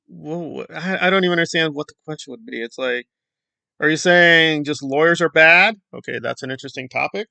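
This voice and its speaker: A man's voice: a little high, lively intonation, moderate pace, creaky, bright, forceful tone, dry recording. A man hosting an opinion commentary channel, talking in a sarcastic, mocking tone full of rhetorical questions.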